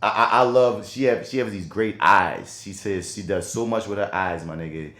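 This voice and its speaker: A man co-hosting a casual podcast, telling loose, animated stories full of slang. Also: deep voice, moderate pace. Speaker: podcast co-host. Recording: roomy echo.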